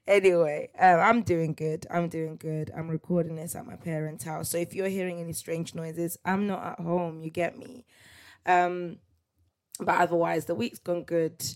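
A woman's voice: on the low side, little pitch movement, moderate pace, a little mellow. A young woman, chatting casually as the host of her own solo podcast. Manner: chatty, laughing, tag questions like "you get me?". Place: parents' house.

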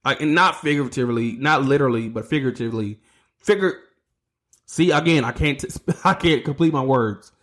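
In a solo sports podcast rant, the host, a man with a mid-range, fairly bright voice, talks a little fast. He gets heated, swears, and stumbles over his words.

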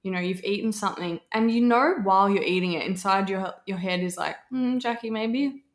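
A woman in casual podcast chat, reacting a lot and chiming in quickly. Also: medium pitch, steady tone, roomy sound. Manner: reactive, laughing along, quick interjections.

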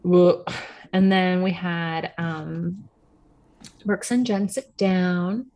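A woman's voice: fairly low pitch, steady tone, very slow, a little mellow. A young adult woman co-hosting a podcast in casual chat, sarcastic, laughing often and swearing freely. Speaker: podcast co-host.

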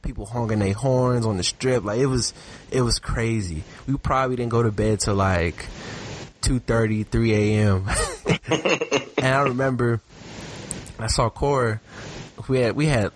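A man's voice: medium pitch, unhurried, pauses often, slight background noise. A man chatting casually on a podcast, telling stories in a loose, slangy way and laughing often. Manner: animated storyteller, laughs often; slangy, relaxed. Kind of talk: casual chat.

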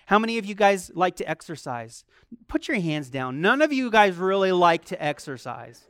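A preacher delivering a sermon in a lively way, firing rhetorical questions at the congregation. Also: medium pitch, normal speed, smooth, no echo. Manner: acts out quoted complaints in a softer voice.

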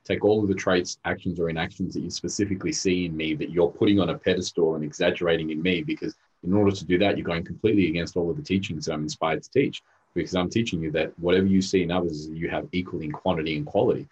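A man's voice: sits low, fairly even intonation, quick pace, darkish tone, breathy edge, highs cut off. A man, a therapist and coach, telling intense stories in a casual podcast conversation and acting out what people said. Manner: intense, storytelling, acts out quotes.

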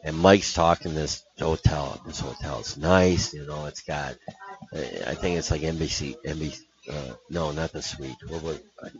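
Deep-voiced man telling a road story. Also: normal speed, music in the background. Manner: animated, laughing storyteller with many restarts. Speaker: hockey coach guest. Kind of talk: casual storytelling. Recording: dull lo-fi podcast audio.

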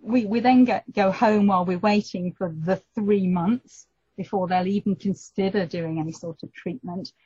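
A middle-aged woman, telling a personal story in an interview and lively acting out the voices of the people in it. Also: mid-range voice, moderate pace, breathy edge, no room sound. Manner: animated storyteller, acts out quoted voices. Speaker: guest telling her story. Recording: dull lo-fi recording.

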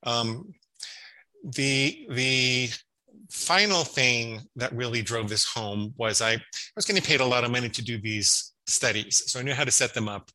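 The guest, a male psychologist in his fifties, talks at a measured pace in a medium-pitched, bright, pushed voice. He explains and narrates conversationally in an interview, restarting himself often, and the audio is poor.

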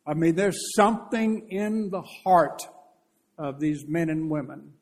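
A man preaching a conversational sermon, telling stories in a lively, earnest way. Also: on the high side, unhurried.

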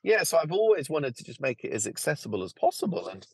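A man talking as a podcast guest, with a husky, slightly breathy voice that swoops up and down a lot. His delivery is lively and chatty. The recording is dry and close, with no room sound. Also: on the high side, fast, no room sound. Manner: lively, chatty, laughs easily. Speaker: podcast guest, plant marketer and author. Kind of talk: casual conversation.

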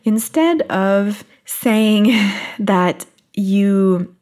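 A woman talking directly to her viewers about self-improvement. Her voice sits at a middling pitch. She sounds gentle and encouraging, laughs now and then, and slows down to stress her main points. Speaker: self-help speaker. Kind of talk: motivational talk to viewers.

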